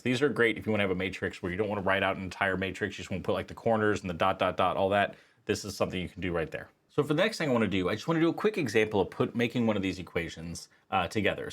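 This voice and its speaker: A man teaching statistics, casually walking through an equation editor step by step, with frequent fillers. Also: lowish voice. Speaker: statistics instructor. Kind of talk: screen-recorded software tutorial.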